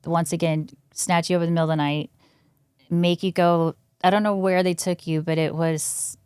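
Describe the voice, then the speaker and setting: Shivering woman guest, low smooth voice. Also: steady tone, darkish tone, dry recording, studio quality. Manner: halting, full of "like" and "um". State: shivering from cold. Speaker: podcast guest. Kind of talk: casual personal account.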